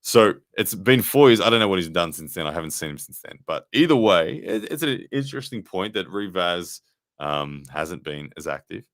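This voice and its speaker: A man's voice: sits low, expressive, normal speed, no room sound, clean studio sound. A man hosting a casual live stream review, chatting loosely with many fillers and restarts while answering viewers' comments. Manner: rambling, conversational, frequent fillers and restarts. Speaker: livestream host and armwrestling commentator.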